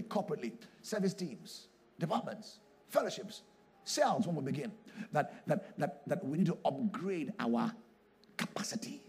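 Male pastor, husky voice, animated swings between quiet and shouting. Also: fairly high pitch. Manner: emphatic preaching, swings from hushed to shouting. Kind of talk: sermon.

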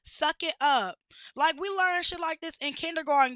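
A woman's voice: high-pitched, normal speed, pushed and bright, no echo. A woman ranting bluntly with heavy cursing and exasperated rhetorical questions. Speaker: podcast host. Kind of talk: profane rant.

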